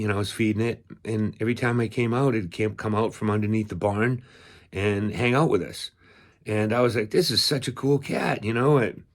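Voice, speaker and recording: A man with a somewhat low voice tells a long, meandering story in a folksy, offhand way. He keeps circling back with fillers and restarts as he talks outdoors on his rural land. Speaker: cat owner vlogger. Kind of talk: casual storytelling.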